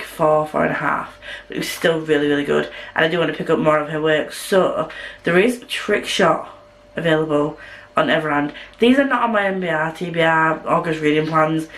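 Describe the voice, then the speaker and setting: A northern English vlogger with a Yorkshire accent talks to camera at home, her chat rambling and self-mocking. Her voice is low, a bit bright, and slightly fast, though the audio is poor.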